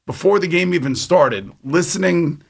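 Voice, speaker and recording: An older man hosting sports radio, talking in an excitable, rambling, mock-indignant way. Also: a little high, normal speed, gravelly, slightly rough.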